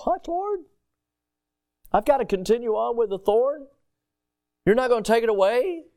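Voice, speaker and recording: A man's voice: extremely high pitch, big pitch swings, normal speed, a little mellow, pitched above the performer's own voice, full character voice. A man voicing the apostle Paul as a dismayed, pleading man who protests in disbelief. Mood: incredulous. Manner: incredulous, whining protest.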